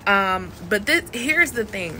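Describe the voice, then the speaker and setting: Woman coach, bright tense tone, chatty and frank, slight background noise. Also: mid-range voice, lively intonation, slow. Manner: chatty and frank, laughs at her own jokes. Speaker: voice coach for phone work. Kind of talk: casual direct-to-camera lesson.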